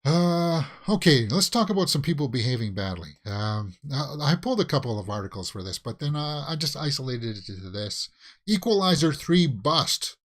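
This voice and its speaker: A man's voice: mid-range voice, expressive, brisk, hardly any pauses. Rambling man hosting movie news. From Canada. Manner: rambling, many fillers and restarts, exclaims. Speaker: host of a movie news channel. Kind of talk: casual live-stream commentary.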